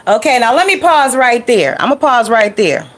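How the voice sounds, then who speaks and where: A woman's voice: a little high, animated, normal speed, fairly bright tone. A woman giving reaction commentary in a sassy, scolding, repetitive way. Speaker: video blogger.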